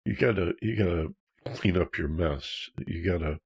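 A man's voice: low-pitched, normal speed, slightly rough. A man, a counselor, talking earnestly about fear and childhood feelings, posing rhetorical questions. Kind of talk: talk on emotional self-awareness.

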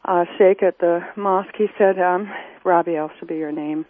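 A woman calling in to a radio show, rambling and hesitant with many pauses. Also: fairly low pitch, fairly even intonation, no echo. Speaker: caller. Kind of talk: phone-in call. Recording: tinny phone line.

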